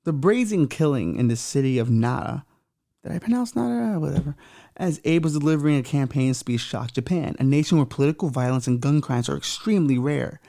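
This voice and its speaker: A man's voice: medium pitch, a little fast, mellow. A man co-hosting a podcast, reading news aloud in a casual, irreverent way, with profane jokes and stumbles over unfamiliar names. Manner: irreverent, joking asides with profanity. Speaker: podcast co-host.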